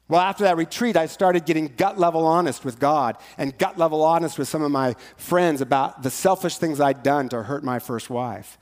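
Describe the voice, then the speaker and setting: A male pastor preaching in a church sanctuary, his fairly high voice trailing off into a long hall reverb. He talks in a conversational, joking way and drifts into rhythmic, rhyming lines. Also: moderate pace. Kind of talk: sermon.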